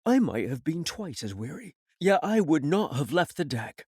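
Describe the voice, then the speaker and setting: A man reading an audiobook in a measured storytelling manner. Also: on the high side, sing-song, a little mellow, slightly rough, dry recording, clean studio sound. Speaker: audiobook reader. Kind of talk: audiobook narration.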